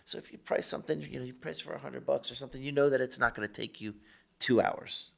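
A man who tattoos for a living, talking casually on a panel podcast in a gravelly, middle-pitched voice. He rambles through his stories, restarting sentences and padding them with "you know". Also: fast. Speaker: tattooer guest.

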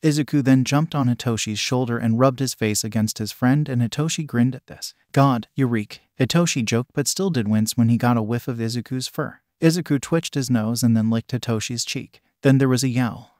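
Male narrator reading fan fiction, level delivery, mid pitch, dry close sound. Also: a little mellow, no echo.

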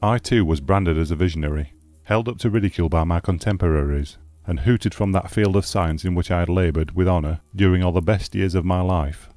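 A man voicing an eloquent, bitter aging scholar in an audiobook, with measured, declamatory delivery. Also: low voice, a little mellow, no room sound, natural voice. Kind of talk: audiobook character reading.

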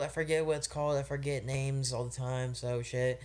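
A man's voice: mid-range voice, fairly even intonation, moderate pace, few pauses, darkish tone. A young man reviewing an album in a rambling, casual vlog, full of slang and swearing and openly frustrated. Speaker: music reviewer.

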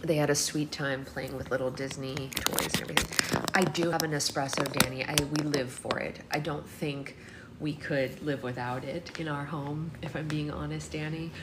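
A woman's voice: low voice, steady tone, moderate pace, noisy background. A woman hosting a casual book club livestream from her home, chatting and laughing with lots of "like" fillers. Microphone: phone livestream.

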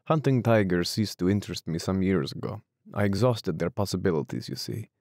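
A suave, menacing aristocratic general, as a male audiobook reader puts him on, speaks with courtly, unhurried menace. The voice sits very deep with a gravelly rasp and a dark, mellow tone, often sinking low and quiet. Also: animated, no echo, studio quality. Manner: courteous, slow and measured, drops low and quiet. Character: suave, menacing aristocratic hunter general, middle-aged man. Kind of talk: audiobook character reading.

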